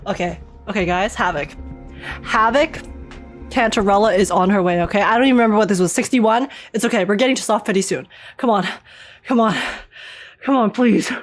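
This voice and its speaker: A woman streaming live, reacting excitedly to game pulls and chatting with viewers. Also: mid-range voice, brisk, faint music behind.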